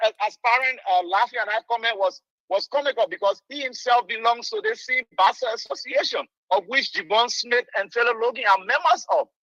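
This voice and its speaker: Man on the phone, high voice, stammers a lot, dull muffled line. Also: pushed and bright, no room sound. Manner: stammering, repeats words, rising to emphatic. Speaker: caller.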